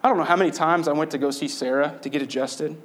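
A man's voice: fairly high pitch, fairly even intonation, fast. A man delivering a sermon as pastor, earnest and conversational, asking his listeners rhetorical questions.

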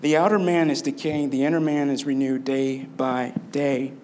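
A man's voice: mid-range voice, little pitch movement, normal speed, darkish tone, a little hiss or hum. A man delivering a sermon as pastor, earnest and conversational, asking his listeners rhetorical questions.

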